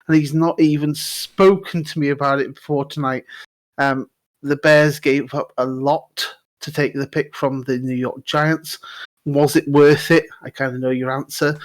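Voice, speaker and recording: A man co-hosting a sports podcast, laughing easily and setting up questions like a presenter. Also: fairly high pitch. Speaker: podcast co-host. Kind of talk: casual sports podcast chat.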